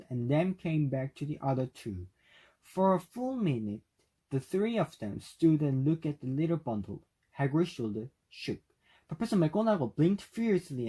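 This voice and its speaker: A man whose first language is Korean reading a novel aloud for speaking practice, at a careful, steady pace. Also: mid-range voice, rough recording. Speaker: reader.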